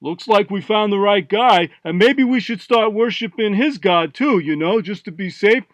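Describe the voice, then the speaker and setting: A man voicing a blunt, cheerful boat captain who talks in a brisk, offhand way. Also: sits high, no room sound, pitched above the performer's own voice, close to an everyday voice.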